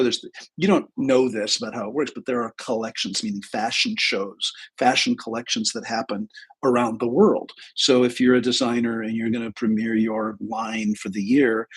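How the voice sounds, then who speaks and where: A man's voice: mid-range voice, creaky, husky, low-quality recording. A man in his sixties hosting a live stream, telling a personal story in a candid, rambling way with restarts and the odd swear word. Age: 60s. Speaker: host.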